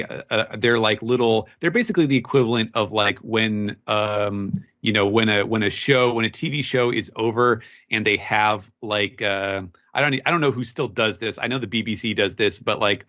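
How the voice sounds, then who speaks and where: A low-pitched man co-hosts a casual podcast, circling his point with fillers and restarts. His voice has a bright, pressing edge. The recording sounds dull and lo-fi. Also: moderate pace, hardly any pauses. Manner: rambling, many fillers and restarts. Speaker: podcast co-host. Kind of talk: casual chat.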